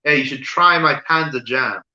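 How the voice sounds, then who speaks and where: A man delivers deadpan one-liners in a stand-up set, his voice very bright and forward. He keeps checking in with the audience and fills gaps with ums. The sound is dull and lo-fi, with a roomy echo from a home room. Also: medium pitch, moderate pace. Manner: deadpan delivery with frequent "right?" asides and fillers. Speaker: stand-up comedian. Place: home room, streamed online show.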